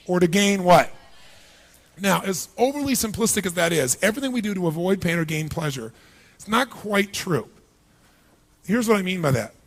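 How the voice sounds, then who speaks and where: Speaking at normal speed with frequent pauses, this high-voiced, expressive man gives a seminar talk to a big crowd. As a motivational speaker, he throws rhetorical questions at listeners and voices what they're thinking.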